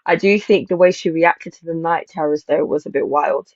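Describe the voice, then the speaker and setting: A woman hosting a casual reality-show review panel, talking in animated, rambling bursts and laughing as she acts out quotes. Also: sits low, moderate pace, dry recording. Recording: slightly dull lo-fi mic.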